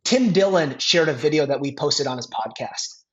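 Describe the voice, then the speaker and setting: A man's voice: on the high side, moderate pace. A man from Minnesota with a Minnesotan accent, chatting as a podcast guest and telling stories with lots of restarts. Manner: animated storyteller, laughs often, many restarts. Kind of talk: casual podcast chat. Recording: dull lo-fi sound.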